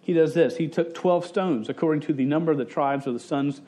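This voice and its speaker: A male pastor preaching in a loose, conversational storytelling manner. He jokes, restarts his sentences and briefly mimics the people he quotes. His voice sits slightly high for a man. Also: brisk, mellow. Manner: jokey and self-interrupting. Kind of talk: sermon.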